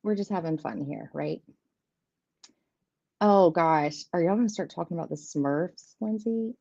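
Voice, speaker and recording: Slow, giggly woman. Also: on the low side, creaky, warm tone, dry recording. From southeastern United States. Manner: chatty, giggly, rambling, greets viewers by name. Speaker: host of a live tarot stream. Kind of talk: casual live-stream chat. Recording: dull lo-fi stream audio, dry.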